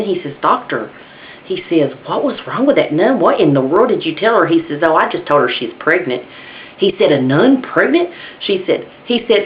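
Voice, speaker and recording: A woman telling jokes in a folksy, casual way and chuckling at her own punchlines. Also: low voice. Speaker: joke teller. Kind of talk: casual joke telling to camera. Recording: dull lo-fi home video with faint hiss.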